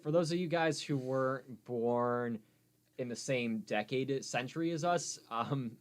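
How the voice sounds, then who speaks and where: A man's voice: mid-range voice, unhurried. A young man hosting a casual nerd chat podcast, teasing his co-host and steering the topics.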